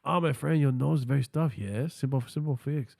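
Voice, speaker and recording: A man's voice: medium pitch, fairly quick, gravelly, a little mellow, no echo. A text-to-speech male voice playing a chirpy AI helper who speaks in clipped, sing-song broken English.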